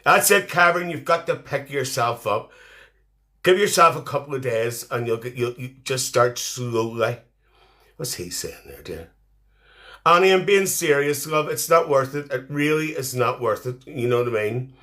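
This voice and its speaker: A man's voice: mid-range voice, lively intonation, normal speed, pushed and bright. A man playing a chatty, cheeky middle-aged auntie woman, hosting a live stream on a phone, teasing and mothering the viewers as he reads their comments.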